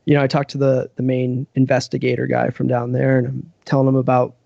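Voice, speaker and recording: A man's voice: mid-range voice, completely flat delivery, a little fast, gravelly, mellow, no room sound, lo-fi sound. A man from Western Massachusetts, a podcast guest, telling a rambling casual story full of "like" and "you know".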